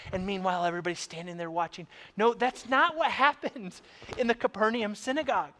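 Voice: medium pitch, a little fast, fairly bright tone. A pastor preaching a sermon to a church congregation, conversational and joking, often repeating words. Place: church service before a congregation.

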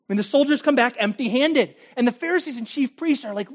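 A man's voice: extremely high pitch, expressive, fast talker, few pauses. Male pastor delivering a sermon; dramatic, challenging, moves between big emphasis and near-whispered intimacy. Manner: dramatic, swings from loud emphasis to hushed, intimate tones; direct, challenging address to the listener.

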